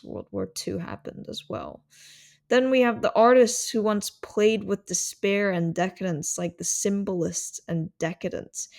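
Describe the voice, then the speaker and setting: A woman's voice: on the low side, vocal fry, a little mellow. A woman hosting a solo podcast, explaining ideas in a reflective, thinking-aloud way. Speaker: podcast host.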